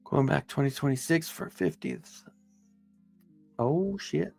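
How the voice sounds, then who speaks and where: Gravelly chatty man hosting a livestream. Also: a little high, takes it slowly, pauses often, darkish tone, faint music behind. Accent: Southern Colorado. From Southern Colorado, USA. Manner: rambling, chatty, profane, upbeat. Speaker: livestream host. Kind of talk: casual live-stream chat.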